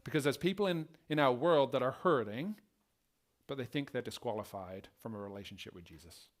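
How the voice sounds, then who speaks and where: A man's voice: medium pitch, a little fast. A male pastor preaching a sermon and telling stories, acting out the scenes as he goes. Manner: animated storytelling, acting out scenes.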